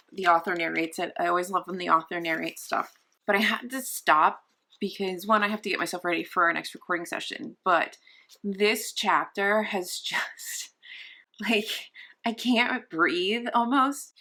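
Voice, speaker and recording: A woman's voice: fairly low pitch, pushed and bright. A young woman vlogging casually from her sofa at home, rambling and gushing with many restarts. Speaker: book vlogger. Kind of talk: casual vlog chat.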